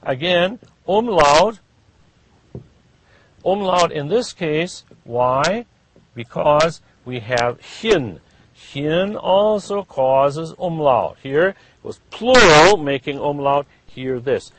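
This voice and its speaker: Male language teacher in a lecture, slightly high voice, slow and deliberate, stretches vowels, keeps asking "huh?". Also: lively intonation, a bit bright, dry recording. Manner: drawn-out demonstrations of vowels, frequent "huh?" checks. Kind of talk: classroom lecture.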